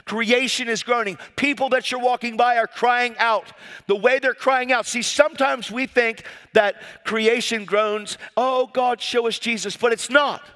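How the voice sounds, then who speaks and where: A man preaching a sermon, reading scripture and telling stories with fervent swings from loud cries to quiet asides. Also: extremely high pitch, steady tone, a little slow. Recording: long hall reverb.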